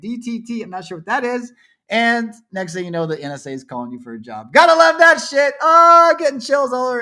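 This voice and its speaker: A man hosting a livestream, commenting on shared images and swinging between low muttering and angry yelling, with a lot of swearing. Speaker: livestream co-host.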